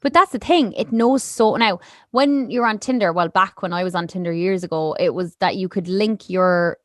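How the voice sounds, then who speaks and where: A young Irish woman co-hosting a marketing podcast, chatting casually with many fillers and quick laughs. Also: fairly low pitch, no echo, studio quality. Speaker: podcast co-host. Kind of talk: casual chat. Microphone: podcast mic.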